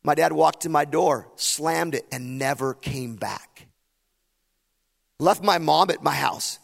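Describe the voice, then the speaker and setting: A man's voice: a little high, slow, vocal fry. A middle-aged man, a pastor, telling a personal story in a sermon and building to impassioned emphasis. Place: camp meeting hall. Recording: long hall reverb.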